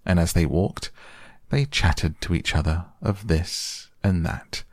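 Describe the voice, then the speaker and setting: A man narrating a children's story in a soft, slow, calm bedtime reading. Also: sits low, no room sound, studio quality. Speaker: podcast narrator.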